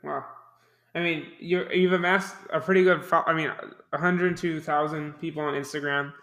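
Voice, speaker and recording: A young man interviewing a guest, asking questions in a hesitant, halting way with many fillers. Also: on the high side, steady tone, a bit bright. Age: young adult.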